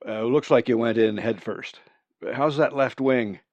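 A man voicing a big, kind male raven who talks in a steady, reassuring way, recorded dry and a little dull. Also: mid-range voice, measured pace, no room sound, lightly acted.

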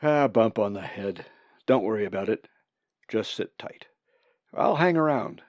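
A man voicing a big, kind male raven who talks in a steady, reassuring way, recorded dry and a little dull. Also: fairly low pitch, measured pace, no room sound.

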